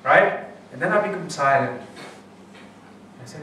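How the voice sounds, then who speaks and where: A middle-aged man giving a talk at a spiritual retreat, telling a personal story with animated delivery, frequent laughs and many restarts. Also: a little high, unhurried, pauses often, a little hiss or hum. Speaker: guest speaker. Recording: echoey room, mic far off.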